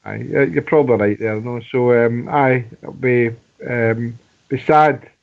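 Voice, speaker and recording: A man in his sixties on a fan radio phone-in, halting and plain-spoken. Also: medium pitch, creaky. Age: 60s. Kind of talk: casual fan radio chat. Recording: tinny phone line.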